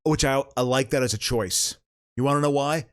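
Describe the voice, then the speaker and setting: A man's voice: mid-range voice, clean tone. A man in casual chat, reacting often and chiming in with asides. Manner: chimes in with quick reactions and asides. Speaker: podcast co-host.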